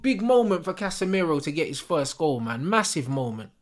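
A man's voice: a little high, very animated, brisk. Furious swearing man. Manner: furious, swearing constantly, slangy. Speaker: football fan channel host. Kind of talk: live match reaction rant.

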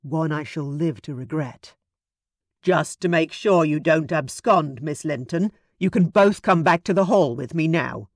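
A woman's voice: sits low, measured pace, no echo, clean studio sound. A woman voicing a leering, scheming male country squire who menaces the heroine with a smug tone.

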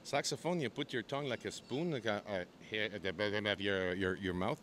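A man's voice: on the low side, brisk, fairly bright tone. A man who works as a comedian and impressionist, chatting with lots of energy in an interview, laughing often and slipping into voices. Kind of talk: lively interview chat with sung impressions.

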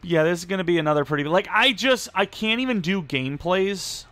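A young man giving rambling, self-deprecating live commentary over a video game, with sudden excited outbursts. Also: high voice, brisk, dry recording, faint music behind. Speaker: gaming YouTuber.

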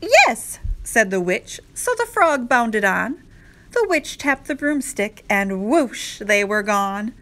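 Slow, bright-voiced woman reading aloud. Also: medium pitch. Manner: slow, expressive, rhythmic reading. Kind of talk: children's read-aloud narration.

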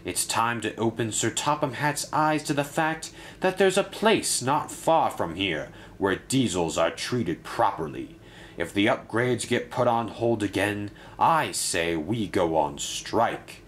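A man's voice: lowish voice, animated, a little slow, fairly bright tone, a little hiss or hum. A man voicing a resentful male diesel engine who mutters as he stirs up the others. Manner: muttering, grudging. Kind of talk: storybook narration.

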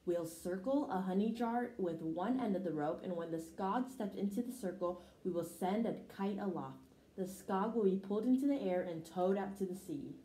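A woman reading a storybook aloud, voicing a calm, sensible female mouse who proposes plans, in an echoey room. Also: medium pitch, normal speed, natural voice. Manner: calm, reasonable. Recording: roomy echo.

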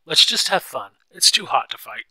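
A restless, charming young wife with a lifted, airy, coaxing voice, as a male reader puts her on. The tone stays very bright. The sound is dry and close. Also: fairly high pitch, very animated, normal speed, dry recording, voice pushed up, full character voice, low-quality recording.

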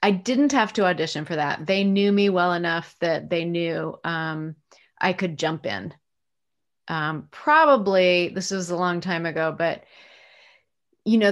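A voice actress from the United States, middle-aged and slightly low-voiced, gives casual answers about her career as an interview guest. She muses as she goes, filling pauses with "uh" and "um" and starting her sentences over.

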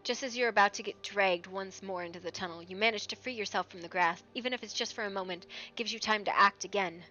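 A woman acting as game master, narrating a horror tabletop scene on a live stream in a hushed, hesitant way with frequent ums. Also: mid-range voice, fast, muffled recording, soft background music.

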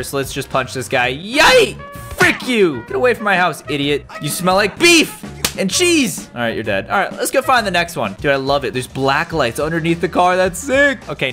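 A man narrating his gameplay in a fairly high voice that swoops up and down with every twist. He talks in an excited, jumpy way and breaks into yelps and shouts when something surprises him. Faint background music runs under his voice. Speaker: gaming YouTuber.

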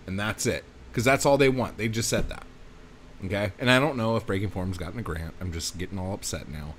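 A man's voice: lowish voice, a little fast, breathy edge. A man hosting a podcast, ranting casually with lots of swearing and self-mocking asides. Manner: profane, emphatic, self-mocking. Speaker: podcast host.

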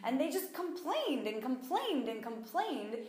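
Animated woman preaching in an echoey room. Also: high voice, a little slow. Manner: animated, acts out quoted voices. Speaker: Bible teacher. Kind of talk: conversational sermon.

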